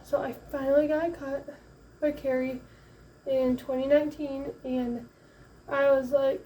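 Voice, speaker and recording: A young woman from Michigan, a first-time mom, casually telling a story in a chatty, animated way, acting out the voices of the people in it. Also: high voice, a little slow, pauses often, distant mic, slight background noise. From Michigan, USA. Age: young adult. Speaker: vlogger. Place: home, late at night.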